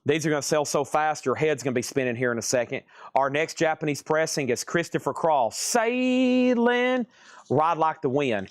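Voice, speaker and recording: Fast-patter auction host man. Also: on the high side, dry recording, clean studio sound. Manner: rapid-fire listing of prices and conditions. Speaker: live sale host. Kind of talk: live-stream auction patter.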